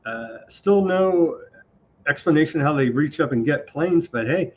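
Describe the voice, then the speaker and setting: A man's voice: on the high side, expressive, a little slow, darkish tone. A man hosting an online news show, reading items aloud and adding wry, casual comments. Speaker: show host. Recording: dull lo-fi sound.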